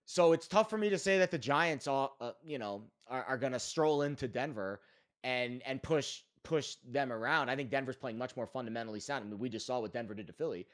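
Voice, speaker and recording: Man, mid-pitch voice, co-host, opinionated and emphatic, lots of ums. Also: a little fast. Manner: emphatic, opinionated analysis with fillers. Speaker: sports betting podcast co-host. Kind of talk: casual sports betting chat.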